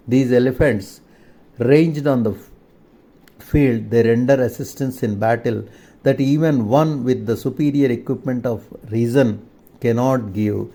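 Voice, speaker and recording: A man reading the words of a calm, firm divine teacher in a steady, instructive way. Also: mid-range voice.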